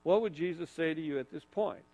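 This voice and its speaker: High-voiced earnest preacher. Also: male voice, brisk, dark tone, rough recording. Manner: leads the congregation in call-and-repeat phrases. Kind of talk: sermon.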